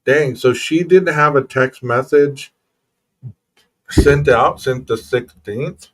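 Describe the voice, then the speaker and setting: A man's voice: medium pitch, takes it slowly. A man hosting a true crime podcast, reading official reports aloud in a plain voice and breaking off to talk casually to his listeners. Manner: casual, reads documents then comments to listeners. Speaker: podcast host.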